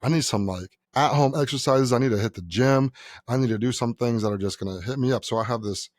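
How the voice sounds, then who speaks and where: A man's voice: medium pitch, fast, no echo. A man in his thirties from New York, co-hosting a podcast in casual chat, telling stories and swearing freely. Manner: animated storyteller, acts out quotes, swears freely. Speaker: podcast co-host.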